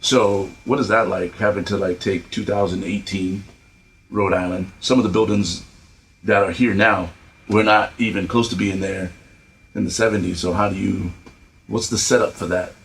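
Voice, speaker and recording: A man's voice: deep voice, steady tone, moderate pace, a little hiss or hum, rough recording. A man co-hosting a casual chat, chiming in with short affirmations and asking follow-up questions. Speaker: podcast co-host.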